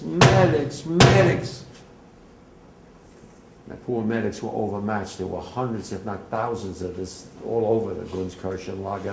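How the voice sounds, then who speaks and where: A man's voice: fairly low pitch, creaky, a little mellow, slight background noise. Elderly New man, echoey room. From New Jersey, USA. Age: 80s. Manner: vivid, emotional storytelling with emphatic outbursts. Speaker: war veteran giving testimony. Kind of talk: personal testimony to a class.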